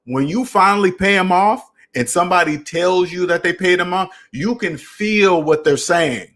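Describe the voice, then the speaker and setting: A man's voice: high-pitched, moderate pace, a bit bright. Emphatic man hosting a money stream. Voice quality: emphatic, repeats phrases, talks straight to viewers. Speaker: host of a personal finance live stream. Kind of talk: casual live-stream talk.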